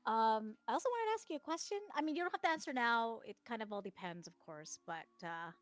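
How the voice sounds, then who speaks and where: A woman playing her character in a tabletop game, halting and hesitant, with many fillers. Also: on the high side, lively intonation, no room sound. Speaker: player.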